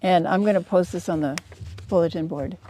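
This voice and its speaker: A woman Zen teacher giving a calm, measured, gently earnest dharma talk in a meditation hall. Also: lowish voice, slight background noise.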